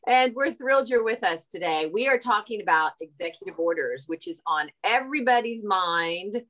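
A woman's voice: mid-range voice, animated, normal speed, a bit bright. A woman hosting a livestreamed podcast, introducing the show and thanking sponsors with gushing, repetitive praise. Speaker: podcast host and founder.

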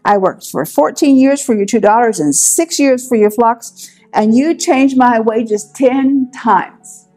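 A woman's voice: a little high, slow pace, darkish tone, soft background music. A woman voicing Jacob, a furious son-in-law who rails at his cheating father-in-law. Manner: heated, tearing into someone. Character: furious grown man, a wronged son-in-law.

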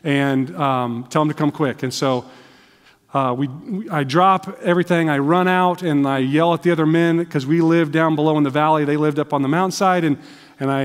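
A man's voice: on the high side, clean tone. A man preaching a sermon in a church, telling personal stories in a conversational way. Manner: conversational storytelling with restarts. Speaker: missionary preacher. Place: church sanctuary. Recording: church hall with long reverb.

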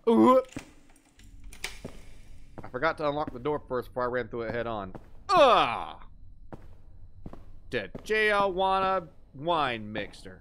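Goofy, animated male game streamer. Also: on the high side, slow, long pauses, slight background noise. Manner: goofy, riffing jokes, swearing at mistakes. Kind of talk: live gameplay commentary.

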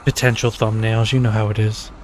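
Sarcastic, swearing gaming host. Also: male voice, lowish voice, little pitch movement, a little fast, a little hiss or hum. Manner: profane, joking, sarcastic. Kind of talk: casual gameplay commentary.

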